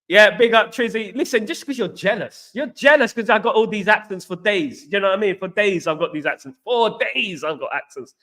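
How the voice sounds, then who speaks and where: A man with an East London accent chats casually as a livestream host. He reads out viewer comments and answers in slangy banter full of repeated catchphrases. His voice is high and bright. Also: animated, fairly quick, few pauses.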